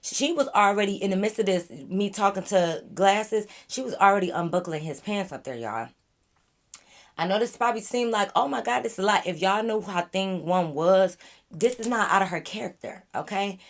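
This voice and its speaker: A woman vlogger tells a storytime straight to camera, animated and blunt. Her speech is loaded with profanity and exasperation, and her voice sits at a medium pitch. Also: moderate pace. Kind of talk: casual storytime.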